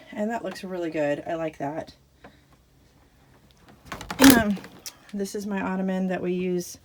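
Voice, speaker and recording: A woman whose voice sits on the low side vlogs casually from inside a small RV, with slight background noise. Busy with chores, she chats to the camera, winded and laughing at herself.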